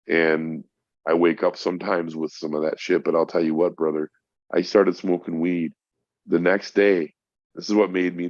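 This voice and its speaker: A middle-aged man with an extremely low voice tells a long personal story in a casual podcast chat. He swears freely and keeps calling the host bro. The sound is dry and a little dull, like a lo-fi recording. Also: a little mellow, dry recording. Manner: profane, emphatic, addresses host as bro. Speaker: podcast guest.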